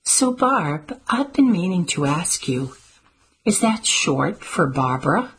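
A woman's voice: lowish voice, sing-song, slow, fairly bright tone, slightly rough, voice pushed up, heavily acted, poor audio. A woman voicing a dry, wry grandmother. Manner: dry, teasing quips. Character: wry, sharp-tongued grandmother, older woman. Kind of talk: audiobook character voice.

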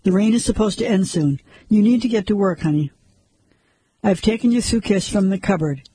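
A coolly controlling woman who stays calm and gives firm orders, read by a man. The tone is husky and mellow. The sound is dry and close. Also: high voice, a little fast, dry recording.

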